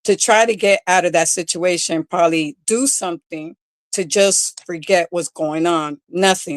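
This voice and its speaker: A woman's voice: lowish voice, normal speed, no room sound. A middle-aged woman, a domestic violence coach, telling her own hard story as a guest in an interview, candid and emotional with many fillers. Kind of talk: personal testimony in an interview.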